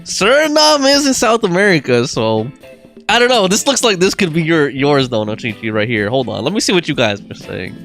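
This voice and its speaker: A young man hosts a casual game stream, reading dialogue and viewer comments aloud between his own jokes. His slightly high voice leaps all over the place, and he breaks into laughter often. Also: a little fast, gravelly, faint music behind. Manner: animated, laughs often, reads game text and chat aloud.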